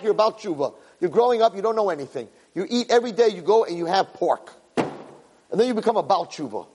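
Animated, husky-voiced rabbi. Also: male voice, high-pitched, a little fast. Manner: lively, emphatic storyteller who jumps into character voices. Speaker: rabbi giving a Torah class. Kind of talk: animated Torah lecture with storytelling. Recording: echoey hall with long reverb.

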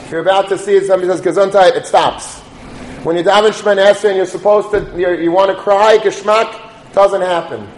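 A man's voice: high voice, steady tone, brisk. A man giving an earnest Torah talk, telling a story and sprinkling in Yiddish and Hebrew words. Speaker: rabbi. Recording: echoey room with faint noise.

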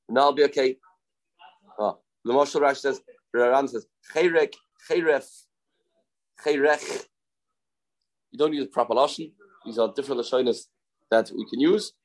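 A man's voice: mid-range voice, poor audio. A man teaching a daily Talmud class informally. He explains step by step, repeats key phrases and asks rhetorical questions.

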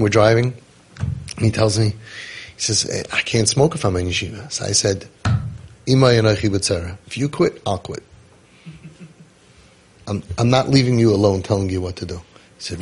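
Husky low-voiced man telling a story. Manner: animated storyteller, acts out dialogue, many restarts. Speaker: parenting guide telling a story. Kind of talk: casual storytelling talk.

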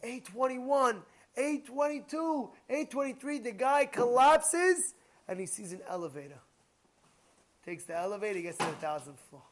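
A man giving a Torah class as a rabbi, animated, repeating points and asking his listeners rhetorical questions. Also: very high-pitched, moderate pace.

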